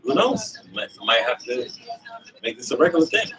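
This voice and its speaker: A man's voice: medium pitch, big pitch swings, moderate pace, recorded from a distance, music in the background, rough recording. A man co-hosting a podcast in casual chat, playful and teasing as he moves the talk along. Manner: playful, teasing, steers the talk to new topics. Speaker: podcast co-host.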